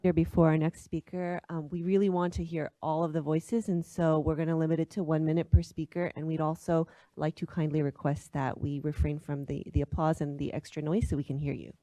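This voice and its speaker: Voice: mid-range voice, flat delivery, brisk, hardly any pauses, mellow, no room sound. A meeting chair politely managing the public comment period. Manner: polite, procedural.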